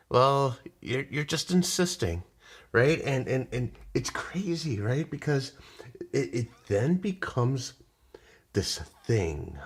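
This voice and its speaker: A man casually walking viewers through a trading chart, rambling and swearing, acting out little voices as he goes. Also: medium pitch. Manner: profane, rambling, animated with put-on voices. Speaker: day trading streamer. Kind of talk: casual live chart walkthrough.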